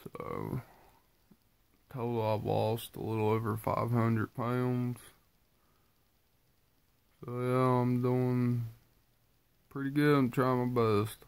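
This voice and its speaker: Creaky and slow, with little pitch movement and long pauses, a man's voice comes through clean with no room sound. Having just woken up, the tired vlogger, stuffy from sinus trouble, rambles casually and low-key through a weight-loss update for viewers.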